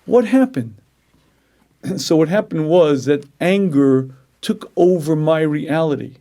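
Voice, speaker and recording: Throat-clearing male Torah lecturer. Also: on the high side, takes it slowly. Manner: animated, acts out inner voices. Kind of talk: Jewish ethics lecture.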